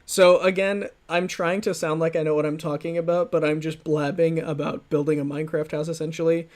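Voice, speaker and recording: A man streaming live who keeps circling back on his own words, full of fillers and self-mockery. His voice sits fairly high for a man. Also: level tone, fairly quick, darkish tone. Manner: rambling, self-mocking, restarts and fillers. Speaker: streamer reacting to his old videos. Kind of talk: livestream commentary.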